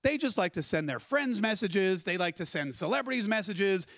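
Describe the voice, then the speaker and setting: Man, keynote speaker, high voice, dry close sound, animated storytelling, talks to the crowd. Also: normal speed, no echo. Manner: animated, conversational storytelling with audience questions. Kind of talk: conference keynote talk. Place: conference stage.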